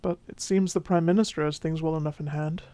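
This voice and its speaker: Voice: mid-range voice, steady tone, fast, no room sound, natural voice. A performer playing a charming, flirtatious male vampire who speaks with a Mexican Spanish accent, teasing and then soothing in an audio role-play drama. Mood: reassuring. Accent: Mexican Spanish accent, put on by the figure. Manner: teasing, warm, soothing, drops to whispers.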